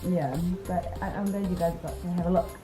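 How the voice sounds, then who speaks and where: A woman's voice: fairly low pitch, fairly quick, low-quality recording. Young woman with a New Zealand accent, chatty and upbeat vlogger, laughs easily, talks over background music. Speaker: vlogger and airport worker. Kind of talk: casual vlog chat.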